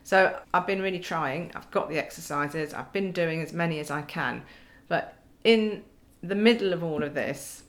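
A woman's voice: low voice, normal speed, few pauses. Woman, forties, podcast guest, wry, self-mocking, laughing, casual chat.

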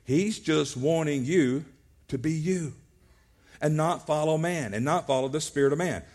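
A man's voice: a little high, a little slow, a little mellow. A male pastor preaching a sermon at a church service, earnest, often restarting his words.

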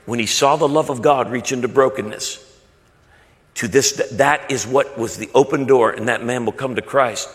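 A man's voice: mid-range voice, fairly bright tone, in a large hall. A man preaching a sermon, telling stories with rising passion. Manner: storytelling, impassioned. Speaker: pastor.

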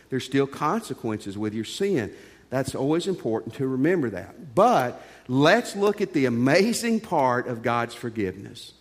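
A man's voice: a little high, big-room sound. A middle-aged male pastor preaching a sermon in an earnest, conversational way, telling stories from his own life.

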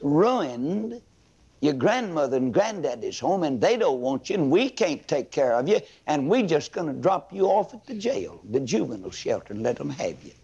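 A man's voice: fairly high pitch, big pitch swings, normal speed, gravelly, warm tone, husky, highs cut off, full character voice. A man doing a stern, fed-up father.

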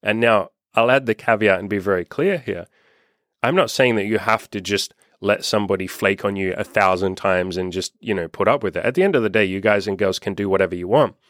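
A man's voice: lowish voice, a little fast, a bit bright, no echo, studio quality. A young man coaching on dating, talking candidly and casually, acting out quoted texts and swearing freely. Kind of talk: casual monologue to camera.

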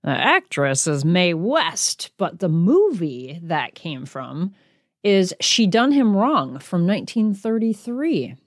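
A woman hosts her own podcast alone, talking casually and poking fun at herself between word games. Her pitch rises and falls a great deal, and she stretches words out when she reads the quiz items. The sound is close and dry, with no room around it. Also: sing-song, no echo. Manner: chatty and self-deprecating, slows down to read quiz words. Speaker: podcast host.

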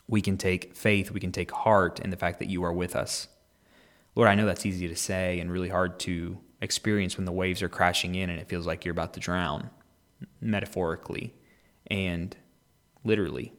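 A man with a somewhat low-pitched voice leads a daily devotional. He explains Scripture in a relaxed, conversational way, then reads and prays aloud with earnest feeling. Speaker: Bible podcast host. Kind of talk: devotional Bible reading and prayer.

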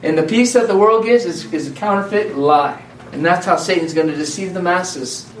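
A man's voice: sits high, moderate pace, slight background noise. A man preaching an informal sermon to a congregation, talking conversationally with repeated phrases and restarts. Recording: echoey room from far off.

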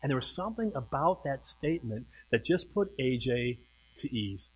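A middle-aged man preaching a sermon, swinging from hushed, slow passages to loud, emphatic ones. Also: medium pitch, very animated, poor audio. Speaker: pastor.

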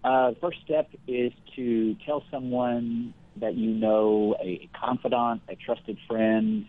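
A man speaking as the guest counselor in a conversational interview, explaining things earnestly and in a measured way, with everyday examples. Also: medium pitch, fairly even intonation, no echo. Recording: phone-like thin line.

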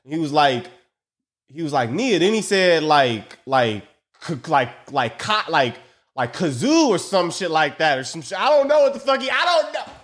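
High, lively-voiced man telling stories. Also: moderate pace. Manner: profane, joking, rambling. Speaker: podcast host. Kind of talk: casual storytelling monologue. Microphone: phone mic.

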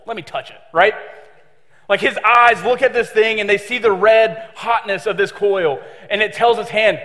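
A man's voice: high-pitched, fairly even intonation, moderate pace, bright, forceful tone. A young man preaching a casual sermon, joking and chatty with many fillers. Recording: long reverb of a hall.

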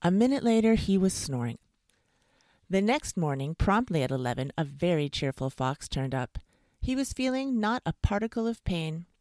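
A woman reading a bedtime storybook aloud in a cozy, expressive way. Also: lowish voice, moderate pace, no room sound, studio quality.

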